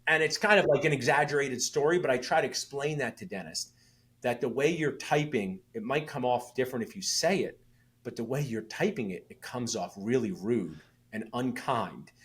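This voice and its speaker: Animated male podcast guest, expressive voice that swings widely, emphatic storyteller. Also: medium pitch, normal speed. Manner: animated, emphatic, tells stories with voiced asides. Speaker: podcast guest, founder of an online dentist community. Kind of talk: casual interview talk.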